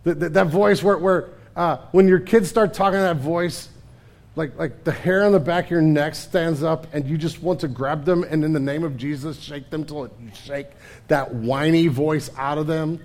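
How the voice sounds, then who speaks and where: A middle-aged man preaches a sermon in a fairly high voice. He talks in bursts, stammers and restarts his sentences, and swings from loud, emphatic lines down to quiet, hushed asides. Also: normal speed. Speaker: pastor.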